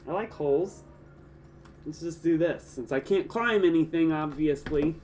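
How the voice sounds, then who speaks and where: A playful streamer talks casually through a live game, chatting with viewers, breaking into mock outbursts and silly sound effects. The voice sits at a middling pitch, picked up from a slight distance, with a faint hiss of background noise. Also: measured pace, warm tone. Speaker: gaming streamer. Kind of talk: casual live gameplay commentary.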